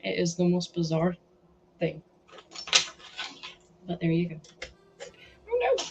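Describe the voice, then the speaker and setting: A young woman hosting a live stream, chatting excitedly and laughing as she builds a toy set. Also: on the low side, a little slow, gravelly, muffled recording, loud music behind the voice. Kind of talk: casual chat while building a toy set.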